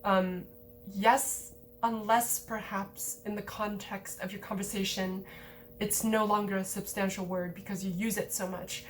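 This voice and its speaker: A woman giving a relaxed, conversational language lesson, explaining grammar points with lots of casual filler words. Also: mid-range voice, measured pace, slight background noise. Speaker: language teacher.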